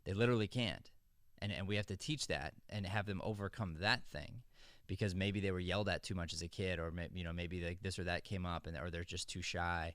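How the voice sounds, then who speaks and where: A middle-aged man with a fairly low voice talks through acting craft in a casual podcast chat. He is earnest and rambling and often restarts his sentences. The sound is dry and close, with no room behind it. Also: steady tone, fairly quick, fairly bright tone, smooth, no echo. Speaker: acting coach and podcast host.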